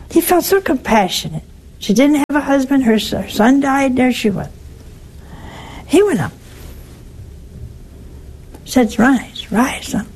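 Slow, wry woman giving a sermon. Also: sits high, a little mellow, a little hiss or hum, rough recording. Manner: wry, teasing and emphatic. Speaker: religious speaker. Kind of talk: spiritual teaching talk.

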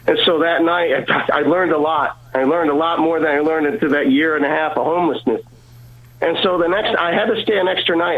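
A man's voice: fairly high pitch, fairly bright tone, low-quality recording. A man as an interview guest, giving an earnest personal testimony and often stumbling over repeated words.

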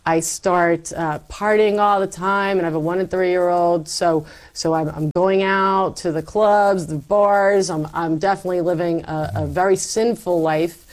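Animated woman telling her testimony. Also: fairly low pitch, unhurried, hardly any pauses. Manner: animated storyteller, acts out her past self. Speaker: interview guest. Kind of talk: personal faith testimony.

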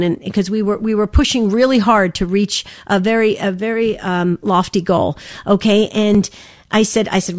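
A woman's voice: medium pitch, darkish tone, no room sound. A woman co-hosting a live radio pledge drive, who is under the weather and tells stories earnestly and emotionally, with many restarts. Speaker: radio fundraiser co-host.

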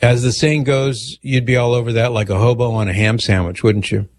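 A man hosting a call-in radio talk show, reading listener emails aloud and answering them in a measured, conversational way. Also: mid-range voice, fairly even intonation, a little mellow.

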